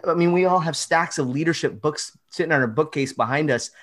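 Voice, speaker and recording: A man's voice: on the high side, brisk, fairly bright tone. A man appearing as a podcast guest, a researcher who calls himself a nerd, explaining a study with emphatic enthusiasm.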